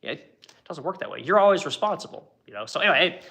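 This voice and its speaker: A man's voice: fairly high pitch, very animated, fast, bright, forceful tone. A middle-aged man who owns a furniture business, chatting bluntly with livestream viewers and cursing freely as he rants. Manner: blunt, profane, ranting.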